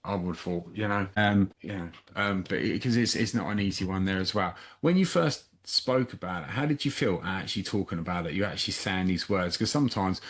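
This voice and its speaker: A man's voice: sits low, brisk, hardly any pauses, a bit bright. A man hosting an interview, asking supportive questions with frequent restarts. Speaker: podcast host.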